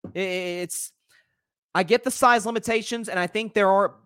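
A man hosting a casual solo sports podcast, talking in an animated, rambling way with many restarts. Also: high voice, moderate pace, smooth, no echo, studio quality. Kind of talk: casual solo sports commentary reading live comments.

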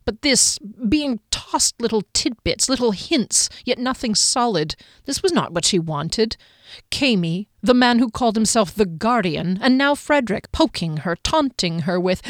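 A woman narrating a fantasy story in a measured, expressive reading. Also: mid-range voice, dry recording, studio quality. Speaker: audiobook narrator.

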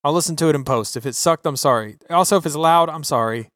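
A man hosting a podcast, ranting about politics with heavy swearing in an animated, emphatic way. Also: on the high side, quick pace, noisy background. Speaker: podcast host. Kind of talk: profane political rant. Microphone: podcast microphone.

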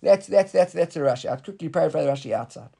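A man's voice: fairly high pitch, expressive, quick pace, vocal fry, mellow, slightly rough. A man teaching a Talmud class in a conversational way, often repeating words and asking the students questions.

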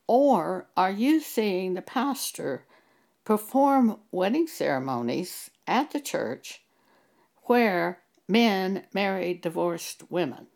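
A Bible teacher preaches a monologue in a gravelly, rough-edged voice with a darkish tone. Her pitch swings widely as she presses rhetorical questions and cites scripture with emphasis.

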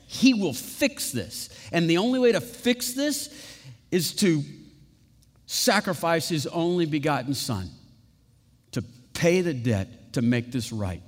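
A male pastor giving a sermon with conversational asides and rhetorical questions, building to emphatic peaks and dropping to hushed, slow passages. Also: on the high side, sing-song. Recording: long reverb of a large hall.

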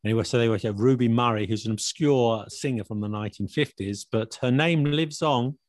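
A man's voice: medium pitch, brisk, no echo, studio quality. A man hosting a casual chat, quizzing his guest on slang and explaining each term patiently. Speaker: host.

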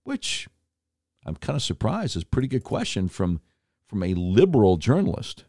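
A man's voice: on the low side, huge pitch swings, moderate pace, creaky, mellow, no echo, clean studio sound. A man hosting an opinionated talk monologue, sarcastic and mocking as he comments on clips. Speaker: political commentary host.

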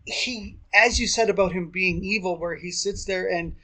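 Enthusiastic man co-hosting a podcast. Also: high-pitched. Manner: animated and enthusiastic, with quick asides and laughs. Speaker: podcast co-host. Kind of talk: casual chat.

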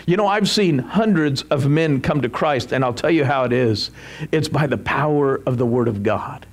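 Emphatic, lively-voiced male preacher. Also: fairly high pitch, measured pace. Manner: emphatic, animated preaching with rhetorical questions. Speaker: pastor. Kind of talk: sermon.

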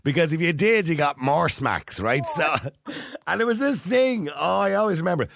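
A man's voice: on the high side, animated, moderate pace, creaky, a bit bright, no room sound, studio quality. A middle-aged man hosting a casual radio chat, telling stories and laughing often. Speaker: radio host.

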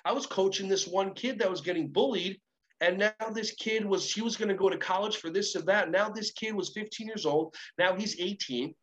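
A man speaking as a motivational coach, telling lively stories and acting out both sides of the conversations in them. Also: high voice, moderate pace, low-quality recording. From Israel. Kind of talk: animated storytelling talk.

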